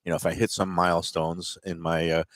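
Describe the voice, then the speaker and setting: Low-voiced man in casual chat. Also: brisk, no room sound. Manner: relaxed, chatty, with fillers. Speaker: show co-host.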